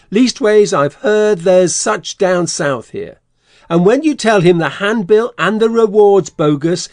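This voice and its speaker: An actor playing a scheming, bossy swindler in an audiobook, blustering and threatening. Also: male voice, high-pitched, a little mellow, no echo, clean studio sound. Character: scheming middle-aged male swindler, gruff and bossy. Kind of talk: audiobook character reading.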